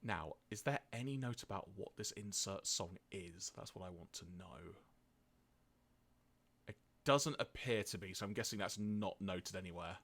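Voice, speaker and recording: A man's voice: deep voice, moderate pace, creaky, fairly bright tone. A man co-hosting a casual podcast, reading out notes on an episode and laughing often. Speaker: podcast co-host.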